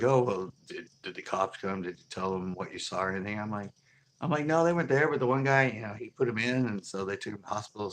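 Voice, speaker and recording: Middle-aged guy rambling through a story on his fishing stream, lowish voice, lots of uh and like. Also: slight background noise. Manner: rambling, animated retelling with lots of fillers. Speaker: fishing channel host. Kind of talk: casual livestream storytelling.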